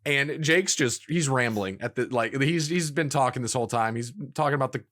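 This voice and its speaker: A man co-hosting a gaming podcast, telling a story in casual chat, animated and laughing as he quotes others. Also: mid-range voice, a little fast. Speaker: podcast co-host.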